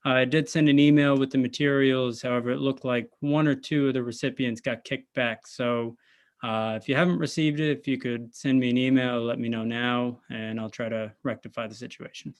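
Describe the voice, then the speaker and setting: A man gives quick announcements to the board in a businesslike way. His voice is smooth and clear, and he speaks in a flat, steady tone. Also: medium pitch. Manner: matter-of-fact, businesslike. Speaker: board counsel making announcements. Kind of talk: meeting announcements.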